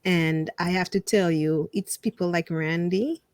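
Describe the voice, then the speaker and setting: A woman guest on a casual interview podcast, telling her stories in an animated way, acting out what people said and laughing often. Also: fairly low pitch, measured pace, no room sound, clean studio sound. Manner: animated storyteller who acts out quotes and laughs often. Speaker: podcast guest and fellow podcast host.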